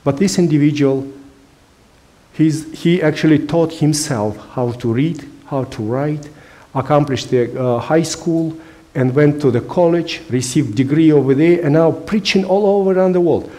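A pastor preaching in English, his second language, in an earnest and emphatic way, pausing often with small hesitations. His voice sits a bit high for a man, with a mellow, soft tone. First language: not English. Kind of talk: sermon.

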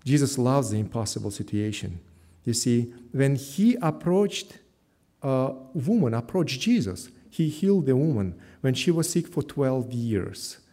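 A man's voice: mid-range voice, big pitch swings, measured pace, dark tone. A man preaching a sermon as pastor, earnest, repeating his key phrases with slightly non-native grammar. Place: church.

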